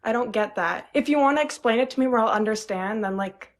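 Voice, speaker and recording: A woman's voice: fairly high pitch, fast. A nineteen-year-old woman calling into a live debate, arguing hesitantly with many fillers. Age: young adult. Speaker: caller. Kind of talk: casual debate.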